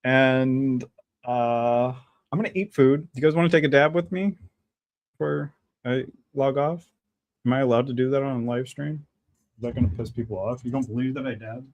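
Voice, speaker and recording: A man's voice: mid-range voice, moderate pace, dry recording. A man hosting a live stream, chatting casually in a rambling, ad-libbed, jokey way.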